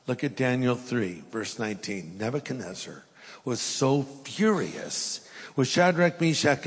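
A man's voice: a little high, in a large hall. A middle-aged man preaching a sermon, reading scripture aloud and then pressing his points with emphasis. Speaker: pastor.

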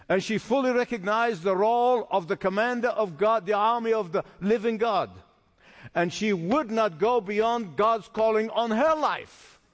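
Animated high-voiced male preacher. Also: big-room sound. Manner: emphatic, repeats phrases for stress. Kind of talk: sermon.

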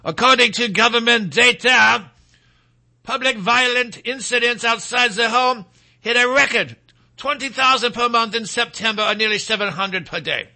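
A man's voice: extremely high pitch, normal speed, vocal fry, sharp tone, voice pushed up, full character voice. A man putting on the voice of a male French news broadcaster, reading a report in a mock-formal newsreader delivery.

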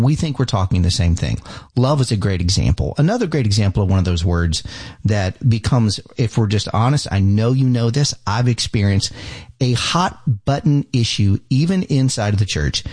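A man, a pastor who hosts a radio show, interviewing a guest in a steady, conversational way. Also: on the low side, husky, no echo.

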